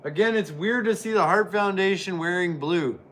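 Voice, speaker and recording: With a high-pitched voice at an ordinary pace, a man chats his way through an old wrestling match, offering jokey, excitable play-by-play. There's a slight hiss or hum behind him.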